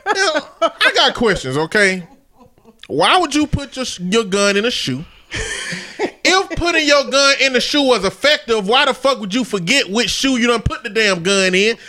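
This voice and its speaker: A man's voice: very high-pitched, sing-song, normal speed, bright, forceful tone. A man co-hosting a casual podcast, telling stories in a loose, joking way. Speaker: podcast co-host. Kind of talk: casual chat.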